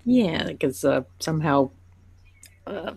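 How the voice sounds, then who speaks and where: A woman's voice: low-pitched, animated, slow pace, gravelly, a little mellow, slightly rough. A woman co-hosting a podcast who recaps with amusement and giggles often in a casual chat. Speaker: podcast co-host.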